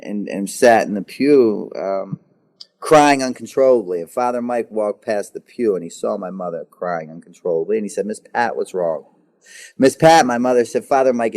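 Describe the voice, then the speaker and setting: Man, thirties, low pitch, stumbling repeats, emphatic, candid interview storytelling. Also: darkish tone. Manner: halting, repeats words, then intense and emphatic. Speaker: guest.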